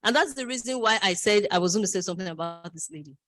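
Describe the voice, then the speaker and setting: A woman's voice: medium pitch, fast talker, rough recording. A middle-aged woman giving a speech at a graduation ceremony, telling stories and acting out the voices of others. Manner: storytelling, lively, quotes others in voices.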